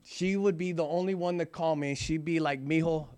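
A man's voice: a little high, steady tone, a little fast, a little mellow, smooth. A man in his forties giving an earnest, emphatic recovery testimony, often checking in with "right?". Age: 40s. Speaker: recovering alcoholic sharing his story.

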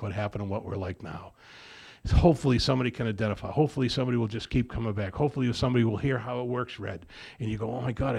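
Man, gravelly voice, rambling recovery-meeting share, lots of restarts. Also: medium pitch. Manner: rambling, with many repeated restarts; animated storyteller. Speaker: speaker sharing his recovery story at a meeting.

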